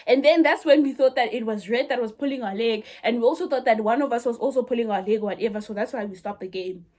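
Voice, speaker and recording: A young woman recounts a dramatic story in a casual storytime vlog. She chats straight to her viewers and keeps the telling dramatic, her voice sitting a little high. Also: quick pace, darkish tone. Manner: chatty, dramatic, addresses viewers. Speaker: vlogger.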